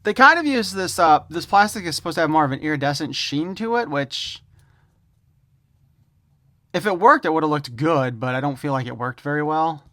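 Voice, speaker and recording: A man's voice: a little high, lively intonation, normal speed, pushed and bright, no room sound, clean studio sound. A man giving a casual unboxing review of a toy, opinionated and wry, with jokes thrown in.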